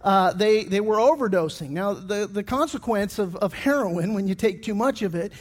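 A man's voice: sits high, normal speed, in a large hall. A middle-aged man preaching a sermon as pastor, telling stories with many restarts and fillers.

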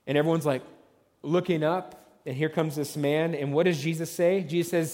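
A man's voice: on the high side, fairly even intonation, normal speed, darkish tone, in a large hall. A man preaching a sermon as pastor, telling the story conversationally and acting out the voices of the onlookers.

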